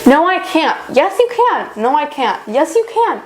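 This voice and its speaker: A woman's voice: high-pitched, big pitch swings, measured pace. A young woman voicing an anxious, dramatic male elephant from a picture book. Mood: stubborn. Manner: worried and dramatic. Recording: noticeable background noise.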